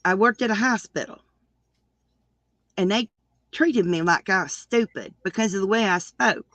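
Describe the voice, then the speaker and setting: A woman with a Southern country accent, chatting casually and deliberately as co-host of a crochet live stream. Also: mid-range voice, a bit bright, no room sound.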